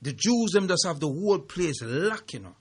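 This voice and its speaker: Radio host, slightly high voice. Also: male voice, very animated, moderate pace, husky. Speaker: radio talk show host. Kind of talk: call-in radio talk.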